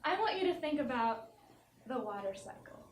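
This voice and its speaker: A woman's voice: high-pitched, big pitch swings, moderate pace. A young woman comedian on stage doing a mock-earnest self-help talk, giggling between lines, heard from far off in a noisy, echoey theater. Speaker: stand-up comedian. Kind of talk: parody motivational talk on stage. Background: audience laughter.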